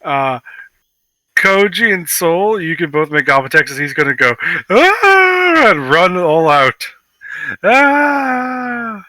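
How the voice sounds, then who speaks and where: A man narrating as game master of a tabletop game, playful and animated. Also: fairly high pitch, moderate pace, no room sound.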